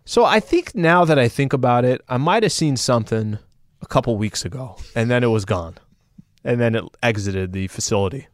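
A man's voice: medium pitch, lively intonation, brisk, no echo. A man in a sports talk radio studio, joking around and repeating running gags.

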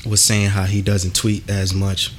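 A man's voice: lowish voice, completely flat delivery, measured pace, slight background noise. A man hosting a podcast in casual chat, ranting animatedly and cursing a lot. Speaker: podcast host.

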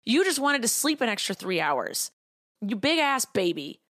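A woman's voice: a little high, big pitch swings, moderate pace, a bit bright, dry recording. A woman hosting a solo podcast, talking bluntly with a lot of swearing and heated opinions into a close mic. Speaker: podcast host.

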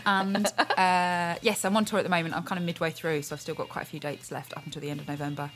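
Woman comedian as a radio guest, fast and chatty, self-deprecating, lowish voice. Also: little pitch movement, fairly bright tone. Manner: chatty, self-mocking, jokey. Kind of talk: casual radio chat.

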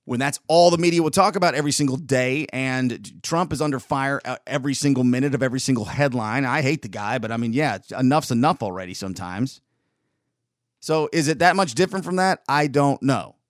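A man's voice: mid-range voice, a little fast, dry recording. Rambling opinionated man, dry close sound. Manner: rambling, opinionated, with frequent restarts. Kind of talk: casual monologue.

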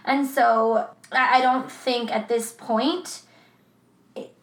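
Woman true crime co-host, higher voice, loose and profane, roomy sound. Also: fairly even intonation, slow, fairly bright tone. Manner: casual, laughing, swears freely. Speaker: podcast co-host. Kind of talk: true crime podcast chat.

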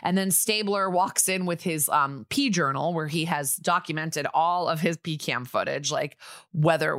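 Chatty irreverent woman, low voice. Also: fairly bright tone, dry recording, clean studio sound. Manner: chatty, irreverent, acts out lines from the episode. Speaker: podcast co-host recapping an episode. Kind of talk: casual chat.

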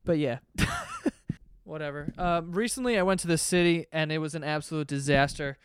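A man's voice: fairly high pitch, moderate pace, clear, resonant tone, dry recording, studio quality. A man hosting a podcast, telling a rambling, profane story in a casual monologue. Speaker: podcast host.

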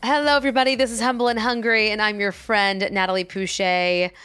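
A woman's voice: medium pitch, steady tone, fairly quick, a bit bright, clear, resonant tone, dry recording, faint music behind. A woman hosting a podcast, chatting casually with her sister, laughing often and trailing off mid-sentence. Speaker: podcast host. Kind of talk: casual chat.

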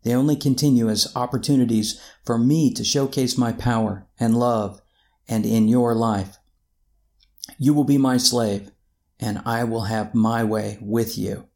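A preacher playing a gentle, fatherly divine master who speaks slowly and softly to his child. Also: medium pitch, fairly even intonation, creaky. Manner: gentle, slow and hushed.

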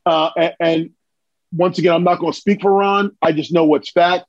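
An animated man with a high voice telling stories, his words tumbling out with excitement. The recording sounds dull and lo-fi. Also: moderate pace, no echo. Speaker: podcast guest. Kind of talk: casual storytelling.

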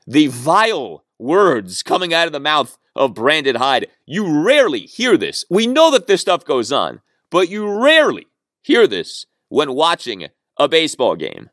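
A man hosting a sports podcast, telling a story in an animated, amused way. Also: a little high, unhurried, no echo, clean studio sound. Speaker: podcast host. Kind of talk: casual sports chat.

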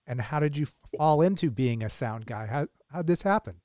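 A man's voice: on the high side, animated, normal speed, darkish tone, no echo, studio quality. A man hosting a podcast, joking with his guest in a casual, playful way and laughing as he talks. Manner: playful, laughs while talking. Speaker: podcast host. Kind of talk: casual, joking interview chat.

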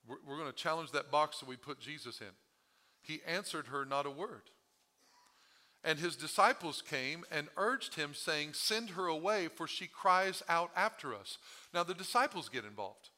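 A man preaches to his congregation in a bright, cutting voice that is a little higher than most. His voice is strained and hoarse from overuse. He keeps the sermon conversational, throwing questions at the room and then building to loud, dramatic quotes. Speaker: pastor. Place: church sanctuary.

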